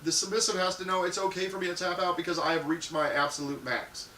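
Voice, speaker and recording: A man hosting a live show, giving crude, frank advice to viewers and acting out loud little scenes. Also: high-pitched, fairly even intonation, fast, far from the mic. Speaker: live show host answering viewer questions. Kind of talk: casual live-stream advice talk. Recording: echoey room, off-mic, faint hiss.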